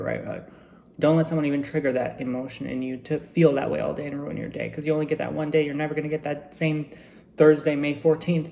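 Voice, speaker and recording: Casting: man with a gravelly voice, relaxed and reflective casual vlog chat. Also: fairly high pitch, a little hiss or hum. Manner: relaxed, reflective, chatty with frequent fillers. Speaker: vlogger.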